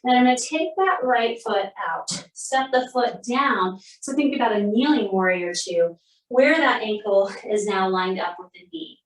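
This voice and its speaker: A woman's voice: a little high, normal speed. Yoga teacher woman in a roomy space. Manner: calm, steady cueing, breathing between phrases. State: a little out of breath. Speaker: yoga instructor. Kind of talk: guided yoga class instruction. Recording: roomy sound, mic at a distance.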